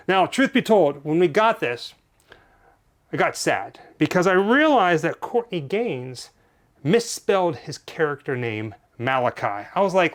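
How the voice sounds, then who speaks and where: A man's voice: fairly high pitch, animated, measured pace. A man co-hosting a collectors' vlog, showing items in a playful, jokey, showman-like way. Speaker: collector co-host.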